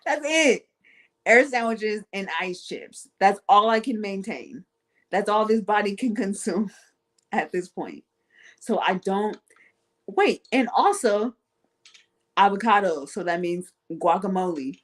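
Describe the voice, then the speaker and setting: A woman with speech talks in a casual, self-mocking monologue. She's playful and animated, her voice swinging up and down as she tells her stories. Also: mid-range voice, measured pace. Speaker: guest on an online talk show.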